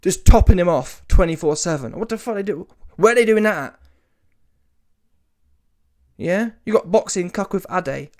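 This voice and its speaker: Sitting high in pitch at a moderate pace, with frequent pauses, a man delivers a ranting reaction to a boxing fight. His commentary is casual, slangy, emphatic and often mocking, animated, rising to mocking shouts, with swearing.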